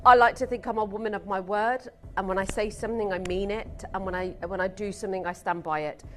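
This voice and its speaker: A woman presenting live on a shopping channel, gushing with excitement and rattling off buyers' names as she pitches. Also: quick pace, slight background noise.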